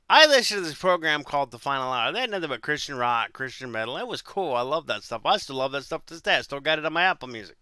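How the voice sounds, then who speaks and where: A man's voice: a little high, bright, forceful tone, clear, resonant tone, dry recording, studio quality. A man in his forties telling life stories to his viewers in a rambling, repetitive way, restarting his phrases often. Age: 40s. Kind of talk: casual storytelling monologue.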